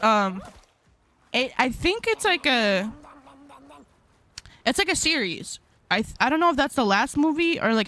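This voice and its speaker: A woman's voice: fairly high pitch, fairly bright tone, no echo. A young adult woman streaming live, chatting casually with her viewers in a rambling, slangy storytelling way. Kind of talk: casual live-stream chat while gaming.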